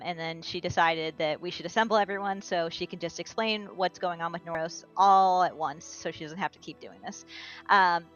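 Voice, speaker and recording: A woman recapping the last tabletop game session for the group, in a brisk storytelling way. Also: lowish voice, fairly bright tone. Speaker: player giving a recap. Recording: dull lo-fi sound.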